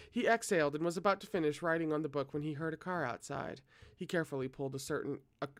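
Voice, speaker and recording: A man reading a novel aloud at a steady pace, now and then correcting himself. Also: fairly high pitch. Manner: steady, occasional self-corrections. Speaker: reader.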